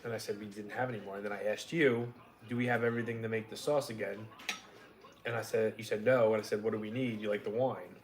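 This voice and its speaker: A man with a faint New York accent, telling an animated story during a casual livestream chat. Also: on the low side, low-quality recording. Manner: animated storyteller, quick and emphatic.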